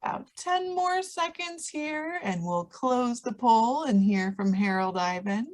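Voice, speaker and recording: A woman moderating an online trivia quiz over a video call, brisk and upbeat as she reads out the questions. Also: fairly high pitch, animated.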